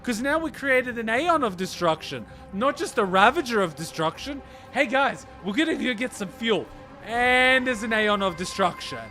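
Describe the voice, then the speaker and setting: A man reacting to a game story, ranting excitedly and swearing heavily. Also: sits high. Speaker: reaction streamer.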